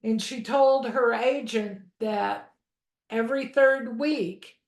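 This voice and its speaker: A woman's voice: a little high, slow. A woman teaching a real estate course in a chatty way. She often stops to check in with "okay?" and speaks from a room at home. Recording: echoey room.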